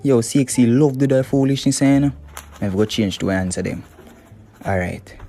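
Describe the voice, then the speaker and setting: A man's voice: mid-range voice, brisk, noisy background. A man with a Jamaican accent in a comedy skit, playing an exasperated student who grumbles through an exam.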